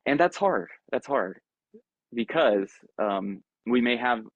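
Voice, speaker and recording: A man giving a casual Buddhist talk on a video call, conversational and animated, acting out his own inner voices. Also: mid-range voice, slow pace, no echo, muffled recording. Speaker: Buddhist teacher. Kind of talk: dharma talk to an online group.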